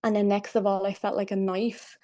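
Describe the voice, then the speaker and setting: A young woman telling a personal story as a podcast guest, halting and full of fillers and restarts. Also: mid-range voice, flat delivery, dark tone, no echo. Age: young adult.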